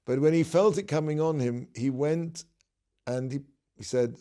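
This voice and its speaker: A man, a rabbi, giving a relaxed, conversational Torah lesson, telling stories and mixing in Hebrew terms. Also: fairly high pitch, moderate pace. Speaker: rabbi teaching a class.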